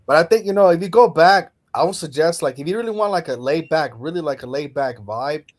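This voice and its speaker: A man's voice: a little high, expressive, a little fast. A young man hosting a casual video-call chat, easygoing and loose, tossing in "man" and "bro" constantly. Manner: laid-back, peppers talk with "man" and "bro". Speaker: host.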